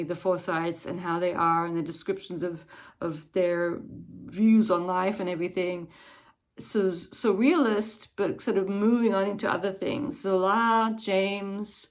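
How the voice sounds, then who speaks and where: A woman chatting casually as a book vlogger, in a thoughtful, digressive way. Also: medium pitch. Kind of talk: casual chat.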